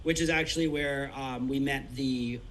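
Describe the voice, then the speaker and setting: A young adult man, a musician guest, telling a story in casual chat, rambling and animated, full of fillers. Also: medium pitch, normal speed, slight background noise, poor audio.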